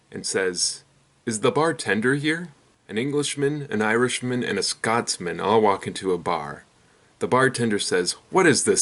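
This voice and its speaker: Young man, fairly low voice, deadpan one-liner jokes, channel host. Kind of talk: rapid-fire joke telling.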